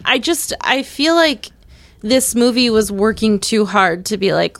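A woman's voice: medium pitch, normal speed, vocal fry, dry recording. A woman co-hosting a casual film-review podcast, making blunt, argumentative points. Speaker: podcast co-host.

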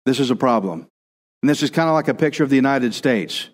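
A man's voice: medium pitch, lively intonation, fast, long reverb tail. A male pastor preaching a conversational sermon, now and then acting out quoted voices.

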